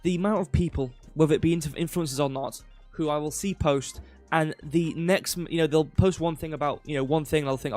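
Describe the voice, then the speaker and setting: A man's voice: fairly high pitch, brisk, hardly any pauses, darkish tone, faint music behind. A young man hosting a casual crypto livestream, rambling with lots of fillers and offhand jokes. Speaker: crypto news host.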